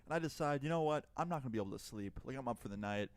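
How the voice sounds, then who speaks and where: A man's voice: medium pitch, animated, rapid-fire. A man telling a personal story in a chatty, profane way, acting out both sides of the dialogue. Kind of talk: casual storytime narration.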